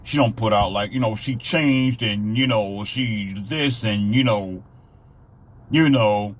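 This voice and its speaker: A man's voice: lowish voice, takes it slowly, a little hiss or hum. A man mimicking a dim mumbling guy. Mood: mocking. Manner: mumbling, trailing off, repeating "you know".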